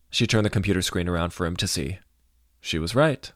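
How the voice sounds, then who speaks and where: A man reads a story aloud in a steady audiobook style. His voice is very low and deep. The recording is dry, with little room sound. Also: a little fast, dry recording. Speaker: narrator. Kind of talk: audiobook narration.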